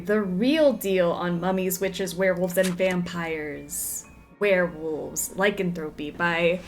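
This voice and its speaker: A young woman streaming a game, reading in-game text aloud and chatting with viewers, a bit out of breath. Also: mid-range voice. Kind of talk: casual gameplay commentary and reading aloud.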